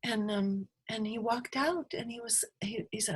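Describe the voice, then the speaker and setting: A woman guest on a podcast, speaking softly and reflectively, often slipping into a breathy whisper as she retells a session. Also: on the high side, normal speed, few pauses. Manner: soft, reflective, retells sessions with quoted dialogue. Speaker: guest healer. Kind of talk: podcast interview, storytelling.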